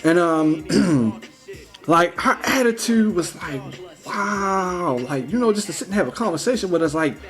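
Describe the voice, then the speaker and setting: A young man talking in a casual, rambling vlog monologue, full of "like" and "you know", slangy and animated. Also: sits high, unhurried, soft background music. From United States. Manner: rambling, heavy use of "like" and "you know", restarts; slangy, animated when retelling. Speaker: vlogger.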